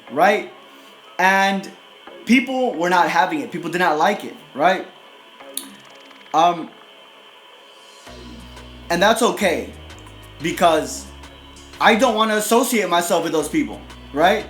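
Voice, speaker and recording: A man's voice: sits high, lively intonation, takes it slowly, long pauses, a bit bright. A man giving a casual motivational monologue, blunt and profane, who ends almost every sentence with "right?". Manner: profane, repeats "right?" constantly; blunt and aggressive. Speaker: motivational video host. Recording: echoey room with music behind.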